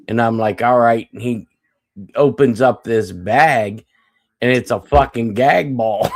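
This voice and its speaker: A man's voice: medium pitch, unhurried. A man on a live stream telling a long story, cursing freely and breaking into laughter between lines. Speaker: guest storyteller. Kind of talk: casual live-stream chat.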